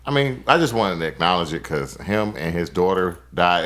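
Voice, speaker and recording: Very deep, lively-voiced man. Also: normal speed, hardly any pauses. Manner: joking, animated banter. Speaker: podcast co-host. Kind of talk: casual chat.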